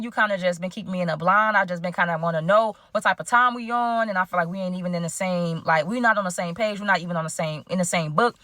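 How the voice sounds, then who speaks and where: A woman's voice: mid-range voice, dry recording, clean studio sound. A woman telling a casual story time to her chat, acting out the quoted dialogue. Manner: animated, acts out quoted dialogue.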